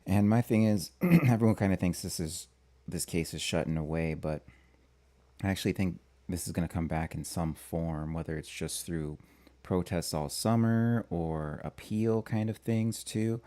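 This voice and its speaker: Hosting an astrology channel's live-stream commentary, this man from Minnesota has a low, mellow voice. His speech is halting, with frequent restarts and filler words.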